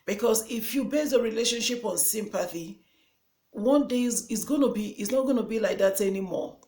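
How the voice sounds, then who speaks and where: A woman with a Nigerian English accent and a mid-range, slightly mellow voice gives earnest motivational advice in a vlog recorded in an echoey room. She repeats herself for emphasis.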